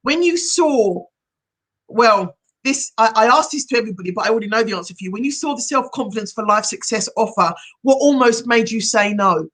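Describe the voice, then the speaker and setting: A middle-aged woman, a hypnotherapist hosting a live-streamed chat, speaking in an encouraging, animated way. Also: a little high, a little fast. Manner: encouraging, animated, reads viewer comments aloud.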